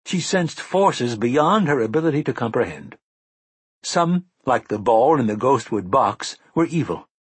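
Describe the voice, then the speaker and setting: A man narrating an audiobook in a measured, expressive storytelling manner. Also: mid-range voice, breathy edge, dry recording.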